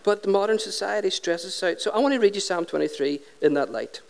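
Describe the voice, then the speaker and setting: A middle-aged preacher with a notably high, smooth and resonant voice. He delivers his sermon in a chatty, humorous way, often putting questions to the congregation. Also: animated, fast, few pauses.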